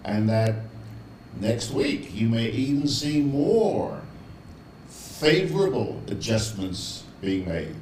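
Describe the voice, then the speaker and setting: A man hosts in an easygoing, unhurried way, reading viewer greetings one by one and laughing softly between them. His speech is slow and loose, and the echo of a roomy space surrounds the voice with a faint hum behind it. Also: mid-range voice, recorded from a distance. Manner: chuckling, relaxed, chatty. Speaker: show host. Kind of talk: casual live-stream chat, reading viewer comments.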